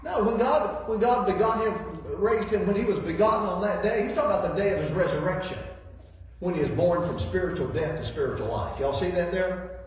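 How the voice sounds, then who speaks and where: A man's voice: high voice, brisk, slight background noise. A man preaching a sermon as a guest speaker, repeating key phrases and reading scripture aloud. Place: church sanctuary. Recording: echoey hall, voice from far off.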